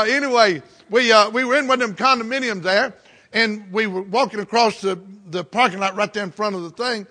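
A man's voice: high-pitched, bright, forceful tone. A man, preaching a folksy storytelling sermon as a Baptist pastor. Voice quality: folksy, exclaiming, plainspoken.

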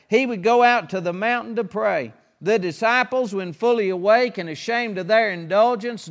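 A man preaching a sermon, reading scripture aloud and slowing down, louder, on the verses. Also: high-pitched, long reverb tail.

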